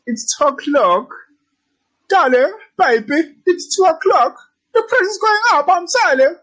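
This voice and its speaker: A man's voice: very high voice, expressive, unhurried, fairly bright tone, voice pushed up, full character voice, poor audio. Man putting on a crooning mock-German voice. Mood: coaxing. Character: himself in a mock German accent, sweet-talking.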